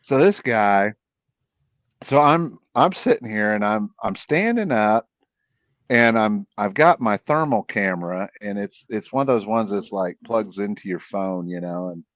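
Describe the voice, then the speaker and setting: Male guest, lowish voice, rambling animated storyteller; dull dry lo-fi sound. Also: normal speed, no room sound. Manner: rambling, animated, many restarts. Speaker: podcast guest, cryptid investigator. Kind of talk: casual storytelling.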